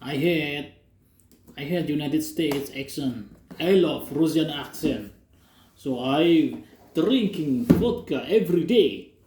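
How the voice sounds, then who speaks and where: A man with an Indonesian accent narrating an unboxing in slow, careful, non-native English, repeating words as he goes. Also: fairly high pitch, expressive, a little mellow. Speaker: vlogger. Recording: echoey room with faint noise.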